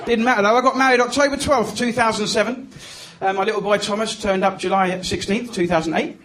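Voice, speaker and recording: Performing on a comedy club stage, a thirty-something Englishman with a high voice and fairly even intonation talks quickly through a self-mocking, chatty routine while ribbing the audience. Laughter and room sounds fill this live recording.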